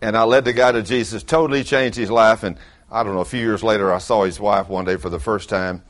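A man's voice: on the low side, fast. An older man, preaching a folksy sermon full of acted-out stories. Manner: animated storyteller, acts out quotes loudly.

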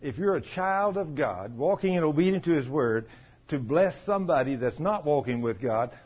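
A middle-aged man preaches in a folksy, storytelling way, slipping into the voices of the people he talks about. His voice sits a little high and has a husky edge. The recording sounds muffled and lo-fi. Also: animated, moderate pace. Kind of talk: sermon. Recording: dull lo-fi recording.

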